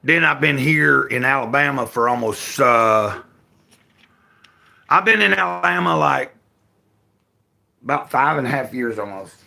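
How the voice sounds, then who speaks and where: This older Tennessee livestreamer talks casually from home in a Southern accent, wandering off in folksy tangents and fixing his own words. He speaks unhurriedly in an expressive mid-range voice, sharp-toned with vocal fry and plenty of pauses.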